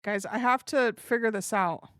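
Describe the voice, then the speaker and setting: A young woman livestreams, chatting casually with viewers, giggling and talking to herself as she works things out. Her voice is on the high side at a normal speed, with clean studio sound and no room echo.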